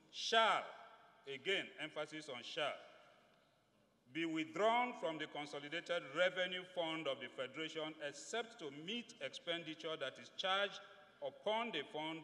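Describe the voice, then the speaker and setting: A man with a Nigerian accent giving a formal, emphatic floor speech as a legislator, deliberately stressing key words. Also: fairly high pitch, bright, forceful tone. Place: legislative chamber. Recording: long reverb of a large chamber.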